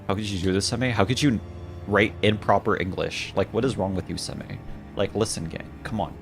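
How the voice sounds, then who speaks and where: A male streamer giving excitable, jokey commentary while he plays a game, often breaking into loud outbursts. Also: lowish voice, fairly quick, creaky, faint music behind. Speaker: gaming streamer. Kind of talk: casual gaming commentary.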